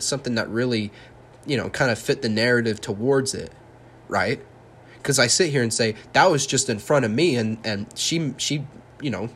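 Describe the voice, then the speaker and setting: A man's voice: medium pitch, fairly bright tone, slight background noise. A young man hosting a solo podcast, ranting heatedly and sarcastically, swearing a lot. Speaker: podcast host.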